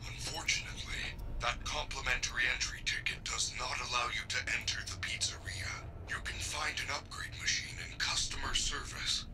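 An actor voicing a polite male robotic guide in a video game, giving calm instructions in a breathy, whispery voice. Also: medium pitch, normal speed, long pauses, soft background music, full character voice. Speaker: in-game guide announcing access.

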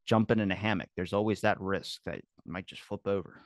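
A man in his twenties, an animated podcast guest who swears freely and tells rambling stories in a casual chat. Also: deep voice, fairly quick, dry recording, clean studio sound.

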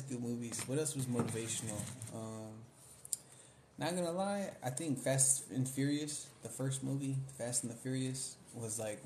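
A man's voice: medium pitch, background noise. A young man in casual chat, rambling in slang about favorite movies and mimicking lines he likes. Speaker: vlogger.

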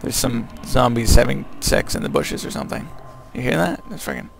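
A man's voice: mid-range voice, a little slow, creaky, pauses often, darkish tone, a little hiss or hum. A man doing let's play commentary, goofy and joking, talking back to the enemies on screen. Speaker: gameplay commentator.

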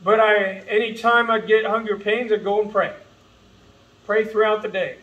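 A man's voice: high-pitched, little pitch movement, normal speed, fairly bright tone, far from the mic, highs cut off. A man preaching an earnest, impassioned sermon as pastor, calling his listeners folks. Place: church sanctuary.

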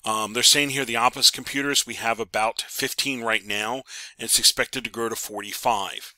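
A man's voice: medium pitch, fairly even intonation, normal speed, bright, forceful tone, dry recording. A man teaching a networking class over a screen recording, talking casually with many ums and repeated words. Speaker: networking instructor.

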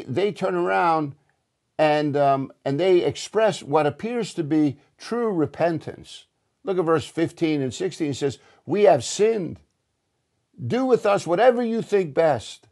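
A man's voice: on the high side, darkish tone. Conversational man preaching a sermon. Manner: earnest, conversational preaching with frequent restarts. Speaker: pastor. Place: church.

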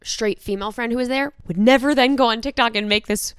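Young female podcast co-host, smooth clear tone, dry close mic, emphatic casual delivery. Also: a little high, quick pace, dry recording. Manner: emphatic, acts out quoted reactions. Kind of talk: casual chat.

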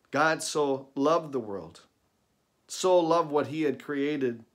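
A man, a pastor, giving an earnest, emphatic sermon with repeated phrases in a recorded devotional video. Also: mid-range voice. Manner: earnest, emphatic preaching with repetition.

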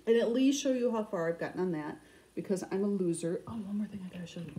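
A middle-aged woman with a Michigan accent, chatting fast and loosely to camera about her cross stitch projects, often restarting her sentences. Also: mid-range voice, mellow, slight background noise, low-quality recording. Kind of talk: casual chat to camera.

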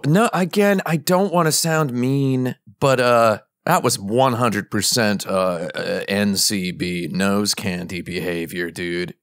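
A man co-hosting a podcast, telling stories in casual chat with animated, teasing exaggeration. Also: fairly low pitch, slow pace, few pauses, dry recording, studio quality. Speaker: podcast co-host.

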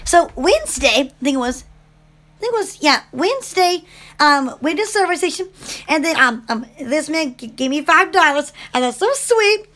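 A woman from Alabama, hosting a casual live stream and chatting in an excitable, rambling, gushing way. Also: high-pitched, moderate pace. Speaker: livestream host.

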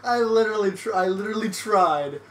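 A man's voice: high voice, a little fast, a little hiss or hum. A man co-hosting a let's play, rambling and self-mocking in casual gaming chat, often trailing off. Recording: roomy sound.

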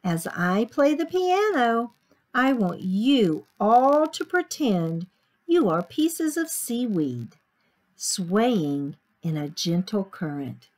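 A woman's voice: medium pitch, very animated, slow pace, a little mellow. A woman voicing a patient schoolteacher in a storybook, sing-song and instructing.

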